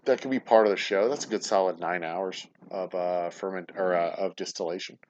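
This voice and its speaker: Guy hosting a casual stream, low voice, rambling, swears a lot. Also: fairly even intonation, a little fast, a little mellow, muffled recording, slight background noise. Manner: rambling, profane, self-deprecating. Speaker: distillery show host. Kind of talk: casual livestream chat.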